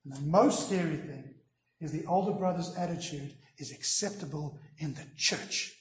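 A male pastor preaching a sermon, swelling loud on key lines and dropping to hushed, near-whispered endings. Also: fairly high pitch, moderate pace, reverberant.

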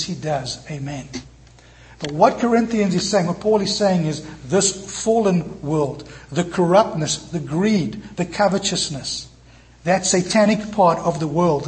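A man preaching a sermon in church, moving between lively emphatic passages and soft, tender quoted lines. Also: a little high, a little hiss or hum. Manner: animated preaching, quoting scripture in soft tender tones. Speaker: pastor.

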